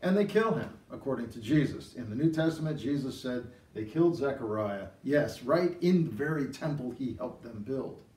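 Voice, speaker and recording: A middle-aged man teaches from scripture in an animated storytelling way, pushing up into excited emphasis on key points. His mid-range voice rings in a roomy space, picked up from a distance. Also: mid-range voice, normal speed, hardly any pauses. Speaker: preacher. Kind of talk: Bible teaching.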